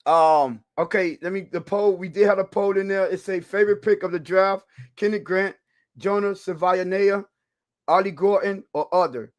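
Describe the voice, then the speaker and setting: With a high voice and fairly even intonation, this man speaks at a moderate pace. He's co-hosting a live-streamed football show, chatting loosely with the audience, laughing often, rambling, and restarting. The recording has no echo.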